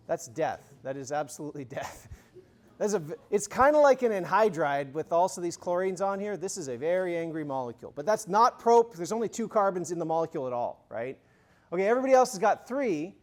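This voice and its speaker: In a high-pitched voice, a man teaches a university chemistry lecture conversationally, quizzing the class with review questions and tossing in informal, humorous asides.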